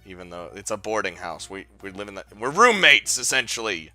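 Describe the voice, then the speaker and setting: Jokey lively game streamer. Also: low voice, fairly quick, music in the background. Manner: jokey, swearing, laughs at own asides. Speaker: let's play host. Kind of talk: game commentary reading narration aloud.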